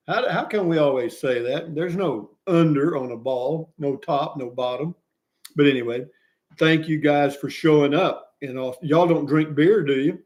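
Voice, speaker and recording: A man hosting a casual livestream, reading out viewers' comments in a folksy, jovial way and chuckling often. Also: a little high. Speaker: livestream host.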